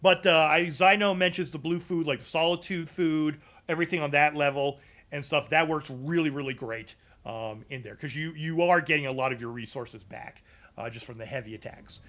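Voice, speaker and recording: A man's voice: a little high, normal speed, a bit bright. A man streaming a casual game build walkthrough to his live chat, loose and chatty with lots of ums and uhs. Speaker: gaming streamer explaining a character build.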